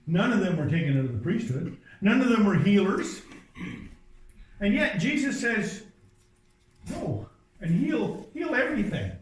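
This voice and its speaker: Male pastor with a high voice, conversational sermon, distant mic in a reverberant church. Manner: conversational storytelling with asides and restarts. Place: church sanctuary.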